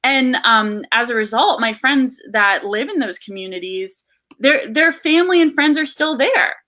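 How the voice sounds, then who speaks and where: A woman's voice: a little high, expressive, normal speed, bright, forceful tone. A woman from Southern Virginia co-hosting a political talk show, telling personal stories in an earnest, conversational way. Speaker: co-host. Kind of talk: casual political chat.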